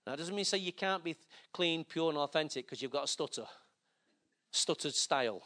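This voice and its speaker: A man's voice: on the high side, animated, a little fast, pushed and bright. A man preaching a sermon in a conversational, joking way, with asides to the congregation.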